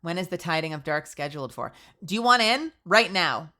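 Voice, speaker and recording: A woman's voice: lowish voice, a little fast. A young woman streaming as a VTuber, chatting casually and rambling with lots of "like", her nose stuffy. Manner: chatty, rambling, animated, fillers of "like".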